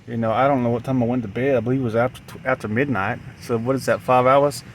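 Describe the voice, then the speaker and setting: A sleep-deprived man with a put-on Southern accent rambling to camera outdoors, halting and repeating himself with many restarts. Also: mid-range voice, steady tone, a little hiss or hum. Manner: halting, repetitive, full of restarts. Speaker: vlogger. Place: outdoors in a parking lot.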